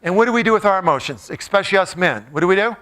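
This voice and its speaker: A man's voice: high-pitched, expressive, rapid-fire, a bit bright. A middle-aged man giving a joking, playful motivational talk to a live audience, often putting questions to the crowd. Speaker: motivational speaker.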